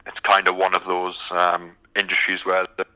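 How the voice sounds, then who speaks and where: Low, bright-voiced British man. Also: moderate pace, low-quality recording. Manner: relaxed, many ums and restarts. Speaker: recruitment company guest. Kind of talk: casual interview answers.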